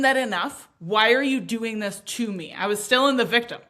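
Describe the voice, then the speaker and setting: Bright-voiced woman telling her story emphatically. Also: a little high, normal speed, few pauses. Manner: emphatic, animated, swears casually. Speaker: podcast guest. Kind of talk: candid interview storytelling.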